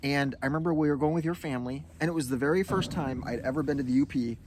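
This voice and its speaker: A man co-hosting a relaxed couples' chat at home, rambling and hesitant, with plenty of fillers. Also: on the high side, fast talker, a little hiss or hum. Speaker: co-host of a couples' video. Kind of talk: casual chat.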